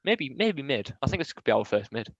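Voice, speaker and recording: A man's voice: mid-range voice, very animated, a little fast, vocal fry, husky, no room sound. A young man, co-hosting a podcast in casual, rambling banter and swearing freely. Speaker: podcast co-host. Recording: dull lo-fi podcast mic.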